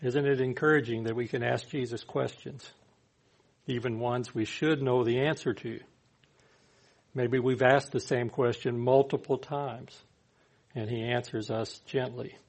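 Male preacher, mid-pitched, gravelly, conversational sermon delivery. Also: fairly even intonation, measured pace. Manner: conversational, acts out quoted speakers.

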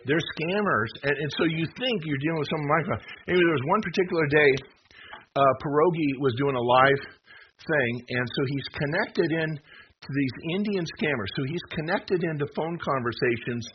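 A man's voice: a little high, normal speed. Emphatic middle-aged man giving a talk. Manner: emphatic, self-deprecating joking, many restarts. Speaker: presenter of a talk. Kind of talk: rambling slide presentation. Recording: muffled with steady background noise.

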